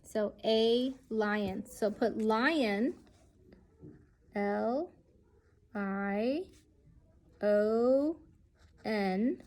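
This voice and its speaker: A woman's voice: a little high, extremely slow, pauses often, a little mellow, a little hiss or hum. A woman teaching a children's lesson, speaking patiently and sounding out each letter.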